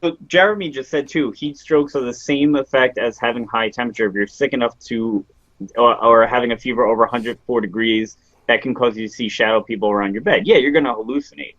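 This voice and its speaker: A man's voice: mid-range voice, quick pace, fairly bright tone, no echo. A man co-hosting a casual paranormal podcast over a remote call, reading out news and viewer comments in a dry, exasperated way. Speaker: podcast co-host. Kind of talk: casual live-stream chat. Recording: muffled remote connection.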